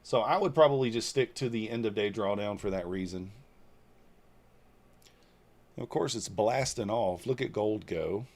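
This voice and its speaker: This is a trading livestreamer, a Northeast Georgia man in his forties, chatting casually and responding out loud to viewer comments. He's blunt and relaxed and swears a little, and his fairly low, slightly mellow voice keeps a moderate pace broken by long pauses.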